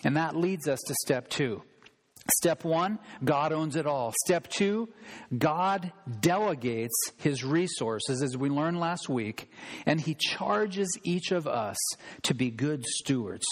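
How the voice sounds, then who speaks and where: A man preaching a sermon as pastor, emphatic, slowing down to stress key phrases. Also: a little high, expressive, long reverb tail.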